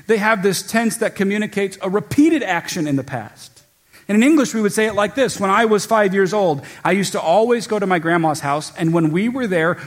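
Husky-voiced man preaching earnestly. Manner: earnest teaching tone, dropping low and soft on quoted scripture. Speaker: pastor. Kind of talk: sermon.

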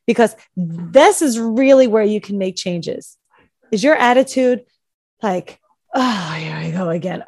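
A woman's voice: medium pitch, no echo. Woman coach, dry close sound. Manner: explanatory, mimics anxious self-talk. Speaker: anxiety coach. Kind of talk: podcast conversation.

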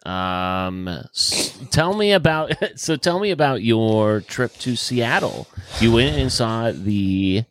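A man hosting a podcast in relaxed, casual chat, asking questions and steering the conversation. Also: medium pitch, takes it slowly, hardly any pauses.

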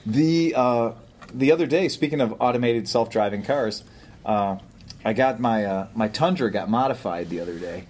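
A man's voice: medium pitch, normal speed, darkish tone. Older man rambling through a story. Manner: rambling storyteller, chuckling often. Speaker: podcast co-host. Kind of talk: casual chat.

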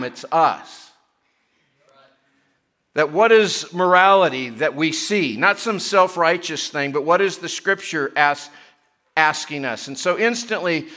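A middle-aged man preaching a sermon, chatty with joking asides, growing louder and higher when he reads and presses scripture. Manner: chatty, self-deprecating asides between scripture readings; rising in pitch and force when reading and pressing scripture. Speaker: pastor.

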